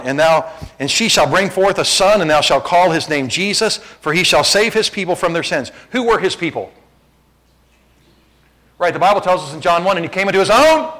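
A man preaching from the pulpit with a voice pitched a bit higher than most men's. He moves between relaxed asides to his congregation and loud, emphatic declarations that climb in pitch. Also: low-quality recording. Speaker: pastor. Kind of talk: sermon.

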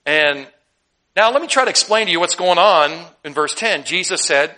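A man's voice: a little high, a little fast. A man preaching a sermon, reading scripture and joking with laughing asides. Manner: humorous, animated, laughing asides. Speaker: pastor.

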